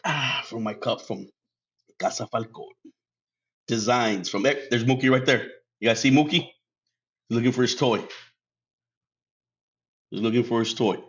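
A man's voice: mid-range voice, unhurried, long pauses, a bit bright. A man hosting a casual solo podcast. He laughs often, swears freely and drops Spanish words into his English. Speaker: podcast host. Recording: dull lo-fi sound.

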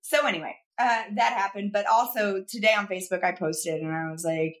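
A woman co-hosting a podcast, telling funny stories about her life in casual chat. She talks in an animated, self-mocking way and laughs as she goes. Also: mid-range voice, a little fast. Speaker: podcast co-host, photographer.

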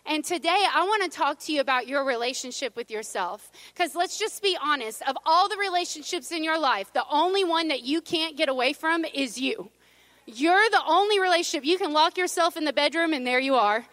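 A middle-aged woman preaches in a relaxed, storytelling manner, tossing playful asides to her congregation. Her voice sits high and rings bright. The sound is close and dry. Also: brisk, no echo. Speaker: pastor. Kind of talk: sermon.

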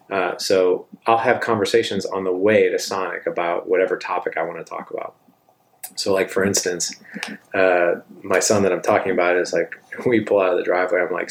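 A middle-aged man with a low, deep voice talks through parenting advice in an easygoing, chatty way. He often drops in "like" and "man" as he acts out his side of conversations with his kid. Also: creaky, slight background noise. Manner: relaxed and conversational, with frequent "like" and "man". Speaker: father giving parenting advice. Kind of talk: casual advice talk with reenacted dialogue.

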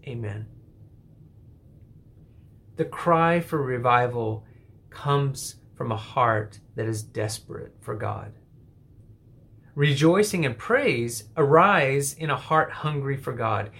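A man hosting a devotional podcast, teaching through a psalm and leading a prayer in a measured, reverent way. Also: on the high side, a bit bright.

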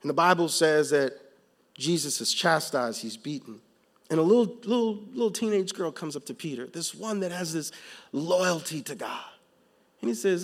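A man's voice: fairly high pitch, normal speed. Emphatic man preaching a sermon. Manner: builds from calm to loud, emphatic preaching; casual slang asides in storytelling. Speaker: pastor.

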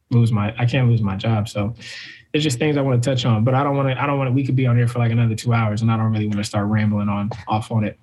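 Male podcast co-host, husky and relaxed, mid pitch, stammers through his points. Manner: stammering restarts, laid-back. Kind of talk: casual podcast chat.

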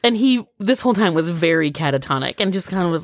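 A woman's voice: lowish voice, quick pace, hardly any pauses. A woman in her thirties co-hosting a podcast, telling a long story in casual chat with lots of fillers and acted-out quotes. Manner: rambling, animated storytelling with fillers and quoted voices. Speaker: podcast co-host.

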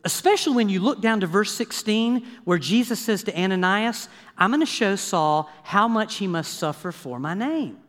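A man preaching a sermon as pastor, lively and conversational, checking in with the congregation with frequent asides. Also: high voice, moderate pace, few pauses. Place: church sanctuary. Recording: long hall reverb.

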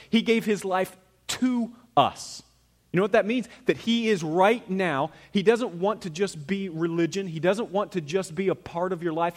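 Preaching man, hushed one moment, loud the next. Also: sits high. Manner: conversational preaching, swings from loud emphasis to hushed asides. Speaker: pastor. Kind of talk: sermon. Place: church sanctuary.

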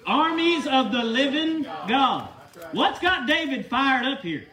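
High-voiced emphatic male preacher. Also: big pitch swings, slow pace, pushed and bright, reverberant, distant mic. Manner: emphatic, folksy, asks rhetorical questions. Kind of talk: sermon.

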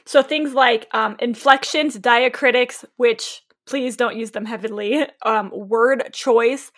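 A woman's voice: on the high side, takes it slowly, no room sound, clean studio sound. A woman co-hosting a podcast as a novelist, chatting casually and playfully teasing her co-host. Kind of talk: casual chat.

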